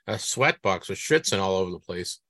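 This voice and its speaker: Boston guy hosting a hobby podcast, bright voice, dry close mic, lots of restarts. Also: deep voice, expressive, no echo. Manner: halting, restarts often, chatty. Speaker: podcast host. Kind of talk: casual interview chat.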